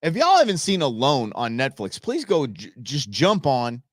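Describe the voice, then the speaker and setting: Host, middle-aged man from Southern California; bouncy, expressive delivery, casual storytelling. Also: mid-range voice, moderate pace, no room sound, studio quality. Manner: animated, exclamatory storyteller. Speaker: show host.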